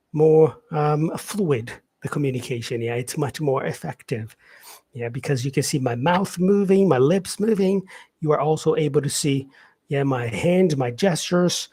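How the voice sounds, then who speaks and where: A man teaching English vocabulary on a live stream, explaining slowly and filling pauses with "yeah" and "um". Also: on the high side, darkish tone. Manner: explains slowly, with many fillers and repeated "yeah". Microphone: facing camera, streaming live.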